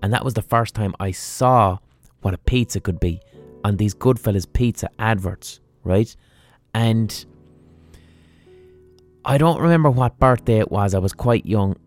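Irish male podcast host, lowish voice, animated, sweary storytelling, faint music behind. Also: unhurried, long pauses. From Ireland. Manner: animated, sweary, impersonates his mother. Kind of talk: comic storytelling monologue.

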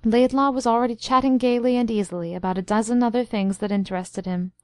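A woman reading a short story as narrator, in even, measured storytelling. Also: a little high, smooth, no room sound, clean studio sound. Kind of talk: scripted audiobook narration.

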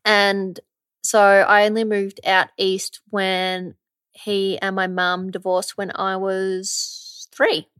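A woman's voice: mid-range voice, little pitch movement, slow, fairly bright tone, smooth, no room sound. A young woman co-hosting a podcast, chatting casually and teasing her co-host. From Australia. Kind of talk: casual chat.

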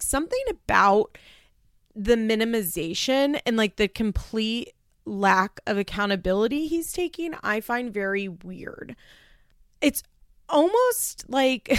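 A woman's voice: medium pitch, fairly bright tone, clear, resonant tone, no echo, studio quality. A woman casually recapping a reality show, opinionated and rambling, quoting people as she goes. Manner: opinionated, rambling, quotes people mid-sentence. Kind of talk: casual chat.

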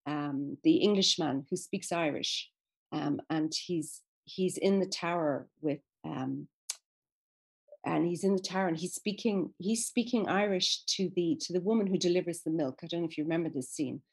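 A woman speaking as an interview guest about literature, thoughtful and enthusiastic, often pausing to search for words. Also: on the low side, husky. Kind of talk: conversational interview.

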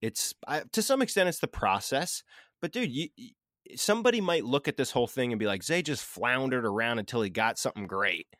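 A man hosting a podcast in casual chat, relaxed and conversational, swearing freely. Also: medium pitch, a little fast, no echo, studio quality. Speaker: podcast host.

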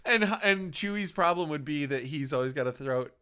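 A man's voice: on the high side, lively intonation, normal speed, background noise. A man co-hosting a podcast in casual comedic chat, building on jokes and explaining them at length. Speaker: podcast co-host and editor.

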